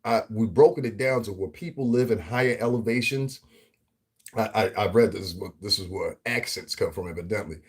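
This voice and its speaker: A man from the Northeastern United States giving a casual, profane commentary rant as a vlogger, animated and often laughing. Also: lowish voice, fairly quick, slightly rough.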